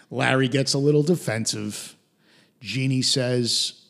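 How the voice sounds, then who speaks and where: A man hosting a podcast, recapping a TV episode in an animated way. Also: mid-range voice, normal speed, gravelly. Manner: animated retelling with put-on quote voices. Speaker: podcast host.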